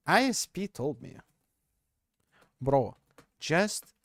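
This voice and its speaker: A man's voice: medium pitch, darkish tone, dry recording. A man telling a story casually on a live stream, rambling and correcting himself as he goes, often laughing at himself.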